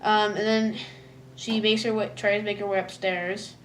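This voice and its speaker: Woman reviewer, casual recap, filler-heavy, restarts, pops into squeaky character voices. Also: little pitch movement, normal speed, slight background noise. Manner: rambling, many "like"s and stumbling restarts; jumps into high, loud voices for characters. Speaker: episode reviewer.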